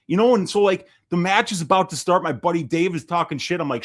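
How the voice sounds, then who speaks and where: Animated middle-aged man telling a story. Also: high voice, quick pace, few pauses. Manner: animated storyteller, swears freely, acts out quoted people. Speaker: podcast co-host. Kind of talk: casual storytelling chat.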